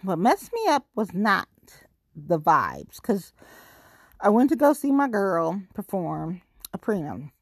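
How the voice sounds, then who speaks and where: A woman's voice: wildly swooping pitch, takes it slowly, husky, no echo, studio quality. A young adult woman, a podcast host, delivering a blunt, profane ranting monologue. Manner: blunt, swearing, big swoops in pitch.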